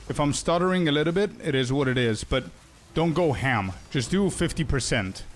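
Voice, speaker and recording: A man giving casual, relaxed commentary while playing an online game with teammates, thinking aloud as he goes. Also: fairly high pitch, moderate pace, hardly any pauses, a little hiss or hum. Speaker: game streamer.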